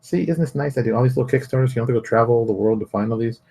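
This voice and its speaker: A man's voice: medium pitch, very fast, gravelly, breathy edge. A middle-aged man hosting his own daily online show, chatting casually with joking asides and dramatic outbursts that drop into mutters. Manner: joking, theatrical asides, swings between loud outbursts and mutters. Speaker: show host.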